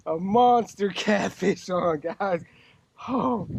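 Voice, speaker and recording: A man, a fishing vlogger talking to camera with loud excited exclamations and free swearing, out on a lake. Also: extremely high pitch, takes it slowly, creaky. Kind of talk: excited casual narration to camera. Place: on a boat on a lake outdoors. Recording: noisy outdoor lake audio.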